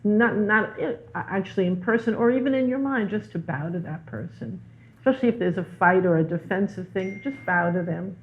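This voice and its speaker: A woman's voice: medium pitch, brisk. Woman telling stories over a tinny line. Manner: animated storyteller, repeats words for emphasis. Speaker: guest teacher. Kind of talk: spiritual conversation.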